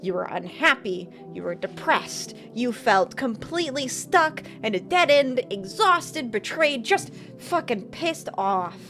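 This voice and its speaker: A woman's voice: fairly high pitch, very animated, unhurried, few pauses, a bit bright, soft background music. A young woman streaming a game live, chatting and joking with her viewers and reading tarot cards aloud. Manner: giggly, jokey, reads chat and tarot cards aloud. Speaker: VTuber streamer.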